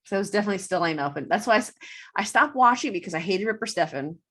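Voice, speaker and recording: A woman's voice: mid-range voice, expressive, rapid-fire, a bit bright. A woman co-hosting a podcast, chatting casually and enthusiastically about TV characters, laughing often. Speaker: podcast co-host.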